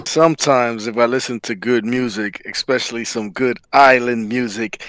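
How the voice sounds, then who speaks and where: A man's voice: mid-range voice, steady tone, normal speed, hardly any pauses, a bit bright, dry recording, poor audio. A man chatting casually as a podcast guest, playful and slangy.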